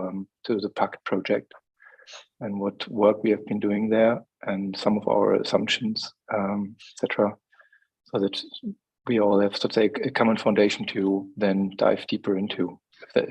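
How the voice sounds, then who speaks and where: A man's voice: fairly low pitch, darkish tone, breathy edge, poor audio. A man giving a conversational presentation as a guest on a video call, often repeating words as he starts a thought.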